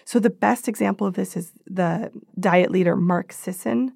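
A woman's voice: medium pitch, moderate pace, gravelly, darkish tone, breathy edge, dry recording, clean studio sound. A woman speaking as an expert guest, explaining in a conversational way. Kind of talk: interview answers.

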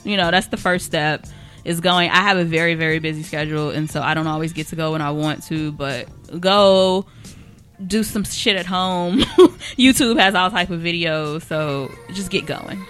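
Woman cohost, bright voice, cusses a lot, laughs easy, faint music behind. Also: on the low side, normal speed. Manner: blunt, profane, laughs often. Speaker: podcast co-host. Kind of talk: casual chat.

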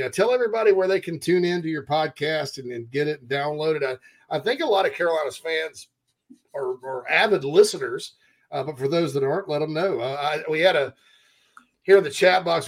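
A man's voice: on the high side, lively intonation, fairly quick. A man hosting a college football podcast, chatting casually and folksy, laughing easily with guests. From southern United States. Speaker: podcast host. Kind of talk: casual sports talk.

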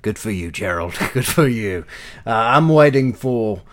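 Figure: a man doing a wisecracking turtle adventurer. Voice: very low. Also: lively intonation, unhurried. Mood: wry. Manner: wry, rambling, hesitant. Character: hungry, wisecracking male turtle adventurer seeking vengeance.

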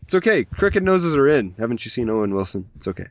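A man's voice: mid-range voice, big pitch swings, quick pace, dry recording. A man hosting a casual podcast, rambling and joking as he reads listener messages aloud, and he has a mild migraine. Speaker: podcast host. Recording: dull lo-fi podcast audio, dry.

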